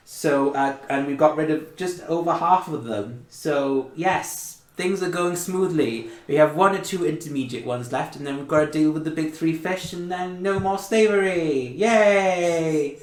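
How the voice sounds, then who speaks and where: A man's voice: darkish tone, natural voice. A man voicing a chatty, cheerful male elf who rambles through a letter, in an echoey room. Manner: rambling, upbeat, rising pitch.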